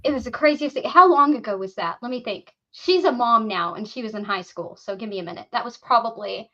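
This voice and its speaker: A woman's voice: a little high, a little fast, lo-fi sound. A woman casually telling a story on a podcast, acting out the voices of the people in it. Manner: animated, acts out quoted voices.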